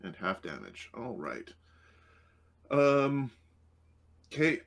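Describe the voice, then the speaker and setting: A man's voice: on the low side, animated, normal speed, fairly bright tone. A man running a tabletop game as game master, talking through rules and rolls with frequent ums. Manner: hesitant, full of ums, working through rules aloud.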